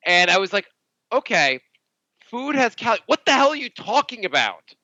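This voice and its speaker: A man's voice: high voice, big pitch swings, normal speed, bright, forceful tone, no room sound. A man co-hosting a podcast, telling rambling stories in casual chat and acting out both sides of each conversation. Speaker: podcast co-host. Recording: dull lo-fi dry podcast mic.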